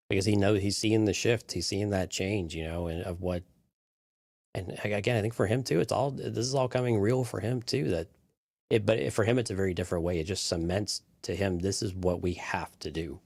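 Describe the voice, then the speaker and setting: A man's voice: low voice, a little fast, darkish tone, dry recording, clean studio sound. A man co-hosting a podcast, casually talking through a TV episode and building his point step by step. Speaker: podcast co-host. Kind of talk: casual episode breakdown chat.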